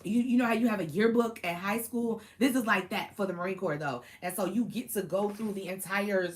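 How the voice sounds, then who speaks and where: A woman, chatting casually to camera about her Marine days, animated and full of slang and laughter. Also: mid-range voice, brisk. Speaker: Marine veteran vlogger.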